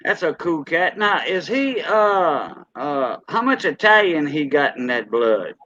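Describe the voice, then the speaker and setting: A man's voice: on the high side, big pitch swings, measured pace, pushed and bright, no echo, lo-fi sound. Folksy Cajun man in his fifties. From Louisiana. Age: 50s. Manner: folksy, rambling, laughs often. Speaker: host. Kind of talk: casual chat.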